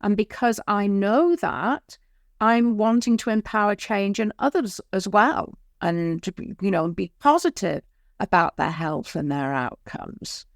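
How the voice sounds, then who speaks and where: A woman's voice: medium pitch, lively intonation, a little slow, dry recording, clean studio sound. A woman co-hosting a spiritual wellness podcast, a nurse by work, speaking earnestly and reflectively in unscripted chat. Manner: earnest, reflective, many fillers.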